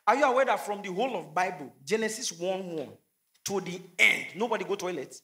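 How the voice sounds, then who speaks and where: A man from Nigeria with a Nigerian accent, doing an animated stand-up set on stage, slipping into Pidgin asides and shouting his punchlines. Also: sits high, a little fast. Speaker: stand-up comedian. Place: comedy stage before a live audience. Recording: echoey venue with faint noise.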